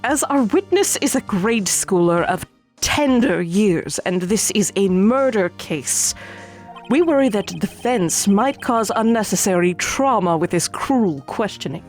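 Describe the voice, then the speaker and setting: A cold, formal male prosecutor in a courtroom game, read by a woman, speaking slowly and stiffly. The lines come out measured, with a lively rise and fall. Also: mid-range voice, soft background music, lightly acted.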